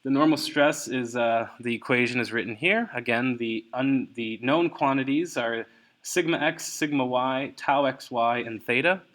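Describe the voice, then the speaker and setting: A man lectures on engineering mechanics, explaining a worked example out loud. His mid-range voice moves along with many ums and restarts, correcting himself as he goes. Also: medium pitch. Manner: halting, many fillers and self-corrections. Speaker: engineering instructor. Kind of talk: recorded lecture walkthrough.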